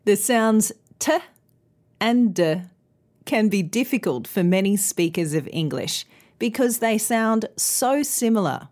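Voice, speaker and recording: A woman presenting a scripted pronunciation podcast lesson in a clear, careful, instructive way. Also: medium pitch, animated, slow, darkish tone. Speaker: pronunciation teacher and news presenter.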